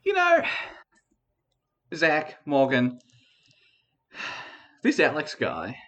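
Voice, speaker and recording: A man's voice: fairly high pitch, huge pitch swings, extremely slow, fairly bright tone. Rambling, laughing male podcast co-host. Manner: rambling, mock-conspiratorial, laughing. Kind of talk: comic mock debate.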